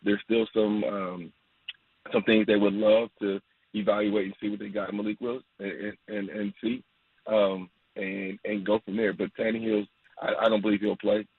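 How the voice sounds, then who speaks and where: Low husky man on a phone line. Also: flat delivery, no echo. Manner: measured, halting, restarts phrases. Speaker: guest analyst on phone. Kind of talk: casual sports radio chat.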